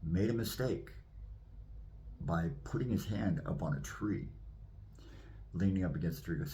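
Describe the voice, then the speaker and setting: A man, a minister, telling his personal testimony in an animated way and acting out the scenes. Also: low-pitched, normal speed, pauses often, slight background noise.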